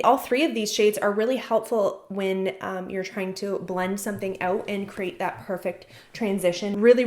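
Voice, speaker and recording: Woman doing a chatty makeup tutorial, upbeat, mid-pitched voice, roomy echo. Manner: chatty, enthusiastic, talks while working. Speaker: beauty vlogger. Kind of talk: casual makeup tutorial chat. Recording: echoey room.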